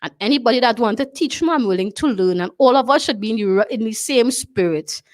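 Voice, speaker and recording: Brisk and expressive, a talk show host from Trinidad speaks in a fairly high voice. She makes her points emphatically, says things more than once, and keeps checking in with "you understand?"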